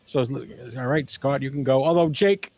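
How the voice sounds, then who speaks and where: A man's voice: mid-range voice, moderate pace, a little mellow. Regular guy hosting a podcast, mid voice, keeps things moving and teases the others. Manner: hands out turns and teases the others. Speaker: podcast co-host. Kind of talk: casual chat.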